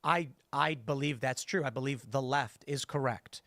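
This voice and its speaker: A man's voice: medium pitch, normal speed, dry recording, studio quality. A man hosting a casual political panel show, reading viewer comments and animatedly quoting people. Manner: animated, mimics voices when quoting. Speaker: show host.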